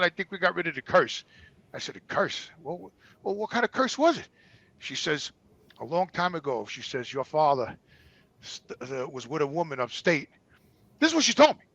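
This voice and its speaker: Speaking fairly quickly in a high, gravelly voice, a man in his sixties from New York recounts his talk show guest life in blunt, profane, animated stories. His New York accent is clear, though the recording is low quality with no room sound. The tone is casual storytelling.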